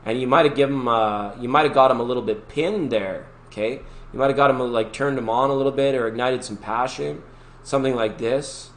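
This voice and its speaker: A man's voice: mid-range voice, a little fast, a bit bright. A man hosting a live tarot reading stream, talking in a rambling, upbeat, chatty way to his viewers. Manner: chatty, rambling, upbeat, breaks into sung snippets. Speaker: tarot reader and livestream host. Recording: echoey room with faint background noise.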